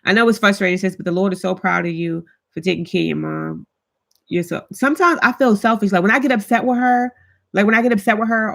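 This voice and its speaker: A woman vlogger hosts a live chat, reading comments and talking straight to viewers in a chatty, heartfelt way. She speaks African American Vernacular English in a mid-range, somewhat bright voice with vocal fry and a quick pace.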